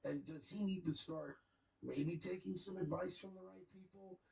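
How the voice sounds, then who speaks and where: A man hosting a stream, talking in a sarcastic, animated way about someone he mocks. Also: high voice, moderate pace, vocal fry, poor audio. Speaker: stream host. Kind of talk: mocking casual commentary.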